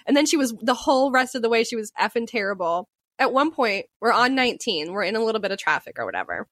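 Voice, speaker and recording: A woman co-hosting a podcast, telling a story in casual chat, animated, swearing freely and laughing often. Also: a little high, quick pace, no room sound, studio quality. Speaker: podcast co-host.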